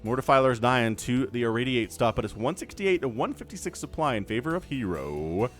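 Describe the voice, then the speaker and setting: Male solo esports caster, animated swings of pitch, over soft background music. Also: brisk. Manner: animated, excitable, jokey asides. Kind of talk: solo game commentary.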